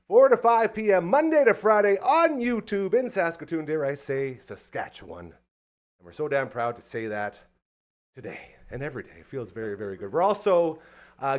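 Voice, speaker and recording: A man hosting a live show. He is showy and playful, and his voice leaps up and down constantly. He jumps from booming announcements to quiet asides. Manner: playful, showman-like, big swings between loud announcing and quiet asides. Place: show studio set.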